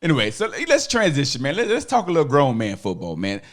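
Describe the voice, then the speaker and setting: A man's voice: mid-range voice, wildly swooping pitch, fast talker. A man hosting a casual interview, asking questions with playful quips and street slang. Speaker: podcast host.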